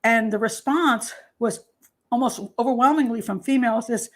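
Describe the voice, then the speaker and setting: A woman's voice: fairly high pitch, normal speed. An older American woman hosting her own talk show, chatting casually and animatedly, often laughing and acting out what others say. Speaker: host and criminal profiler.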